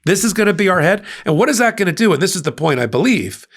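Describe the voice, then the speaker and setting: A man's voice: sing-song, quick pace, a bit bright. A man hosting a political commentary channel, speaking emphatically and scornfully in a monologue. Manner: emphatic, scornful, sweeping pitch jumps. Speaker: host of a legal-political channel.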